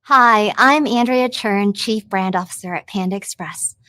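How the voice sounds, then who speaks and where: A woman's voice: medium pitch, a little slow, bright, forceful tone, no room sound. A woman executive giving a recorded, scripted message of thanks. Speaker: company executive.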